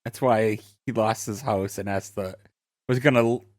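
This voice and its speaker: A man's voice: on the low side, steady tone, moderate pace, no echo, clean studio sound. A man co-hosting a podcast, chatting casually with wry joking asides. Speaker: podcast co-host. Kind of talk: casual chat.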